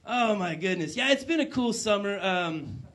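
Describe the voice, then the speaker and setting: Man, stand-up comic on stage, high voice, very lively pitch. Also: moderate pace. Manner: animated, swings between loud bursts and low asides. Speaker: stand-up comedian. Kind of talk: stand-up comedy set. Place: stage before a live audience.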